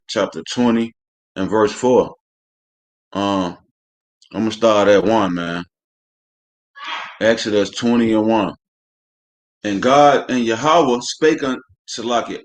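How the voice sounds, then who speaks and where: A man teaching a live-streamed scripture class, reading verses aloud and then commenting in a blunt, coarse way, often saying "man". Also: medium pitch. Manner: preachy, blunt, says "man" constantly; coarse, swears freely.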